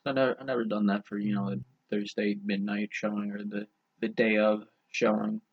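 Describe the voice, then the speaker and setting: Gravelly, husky young man joking crudely. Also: fairly low pitch, little pitch movement, brisk. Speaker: podcast co-host. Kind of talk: casual chat. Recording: dull lo-fi podcast audio.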